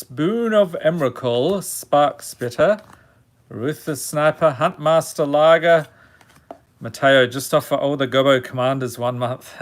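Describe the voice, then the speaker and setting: A man with a Chicago accent streaming a card-pack opening, reading out card names and chatting with his viewers. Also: on the high side. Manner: reads card names in a steady list, then chats with viewers. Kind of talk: casual live-stream chat.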